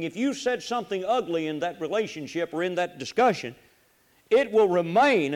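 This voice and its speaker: A man preaching a folksy sermon, swinging between loud urging and low, quiet asides. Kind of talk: sermon on marriage.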